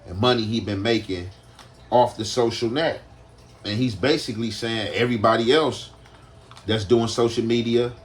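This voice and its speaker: A man hosting a commentary channel, talking loosely and skeptically about a clip. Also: lowish voice. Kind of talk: casual commentary.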